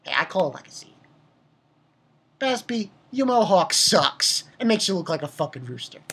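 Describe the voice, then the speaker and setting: Casual: husky woman ranting about a manga chapter, swears a lot, pitch all over the place, lowish voice. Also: moderate pace. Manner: profane, ranting, animated. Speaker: manga reviewer. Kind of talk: casual video review rant.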